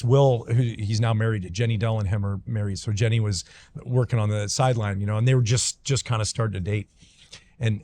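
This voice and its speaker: A middle-aged man from Canada, a former pro pitcher, telling stories in a casual chat, full of fillers like "like" and "you know". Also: slight background noise. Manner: animated, filler-heavy, acts out voices in anecdotes.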